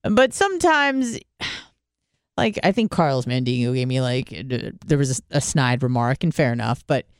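A man's voice: medium pitch, moderate pace, clean tone, dry recording, studio quality. A man in his thirties hosting a call-in show, chatting casually with lots of swearing and big swings in delivery. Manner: animated, swearing, laughs at his own stories. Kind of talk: casual profane call-in chat.

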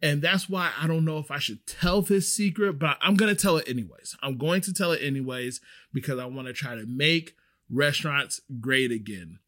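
A man's voice: fairly high pitch, normal speed, fairly bright tone. A man, a restaurant server giving emphatic, chatty advice straight to the camera. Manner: emphatic, chatty, repeats points for stress. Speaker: restaurant server sharing industry tips. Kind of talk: casual advice monologue.

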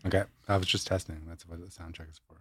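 A man's voice: low voice, level tone, fast talker, pushed and bright, faint music behind. A man co-hosting a podcast with his wife, chatting casually in a dry, teasing, nitpicky way. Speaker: co-host, host's husband. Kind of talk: casual chat.

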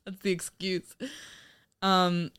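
A woman co-hosting a podcast in loose, casual chat. She giggles a lot and rambles through fillers in a bright, crisp voice, and the sound is close and dry. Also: on the low side, monotone, slow, dry recording. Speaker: podcast co-host.

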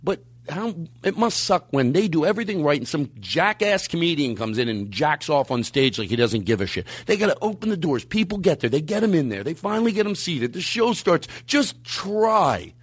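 Animated rambling podcast host, man. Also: normal speed, few pauses, slightly rough, dry recording. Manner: rambling, animated, swings pitch up for quoted voices. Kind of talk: casual chat. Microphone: studio mic.

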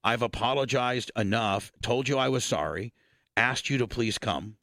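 A man's voice: medium pitch, normal speed, pushed and bright, no echo, studio quality. A man hosting a casual podcast chat, talking bluntly with swearing and rambling restarts. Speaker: podcast host.

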